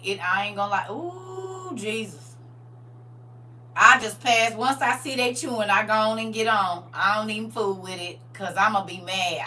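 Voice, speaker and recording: Heard through a distant mic with a faint hum, this middle-aged livestream host has a sharp, medium-pitched voice. She chats in a casual, emphatic way and laughs frequently.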